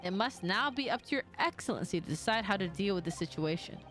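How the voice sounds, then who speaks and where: A woman voicing a composed male police inspector in a game read-aloud, with a measured, matter-of-fact delivery. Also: mid-range voice, expressive, fairly bright tone, a little hiss or hum, natural voice. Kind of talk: reading a game aloud in character.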